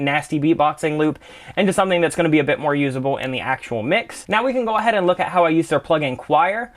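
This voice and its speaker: Fast-talking young man teaching music production. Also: on the high side. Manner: relaxed, chatty, full of fillers like "kind of" and "really, really". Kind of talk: casual screen-share tutorial.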